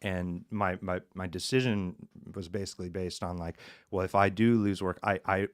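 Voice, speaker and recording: Low-voiced man in frank podcast chat. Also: fairly even intonation, normal speed, dry recording, studio quality. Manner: loose, frank, repeats words while searching for them. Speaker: podcast co-host.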